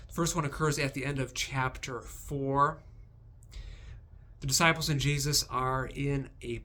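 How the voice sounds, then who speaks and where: A man hosting a devotional video, recapping Bible passages with animated, emphatic storytelling. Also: on the high side.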